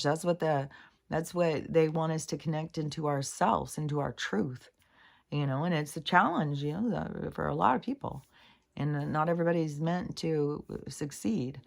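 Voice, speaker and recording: Middle aged lady rambling about truth and the universe, low voice, kinda gravelly, swears a lot. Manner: meandering, earnest, swears casually, frequent fillers. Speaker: spiritual vlogger. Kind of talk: rambling spiritual monologue.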